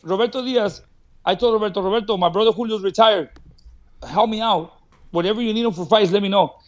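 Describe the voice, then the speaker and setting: High-voiced man telling a story. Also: brisk, dull audio. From Mexico. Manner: animated, acts out quoted dialogue, laughs often. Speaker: boxing trainer, podcast guest. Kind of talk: casual storytelling. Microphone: studio podcast mic.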